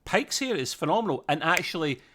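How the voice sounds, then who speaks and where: A man's voice: a little high, sing-song, fairly quick, sharp tone. Chatty rambling male podcaster. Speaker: podcast co-host. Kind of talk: casual review chat.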